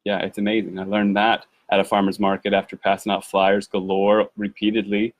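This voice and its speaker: A man's voice: lowish voice, completely flat delivery, fairly quick, no room sound. Rambling, enthusiastic man telling a story. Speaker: activist video maker. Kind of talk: casual storytelling to camera.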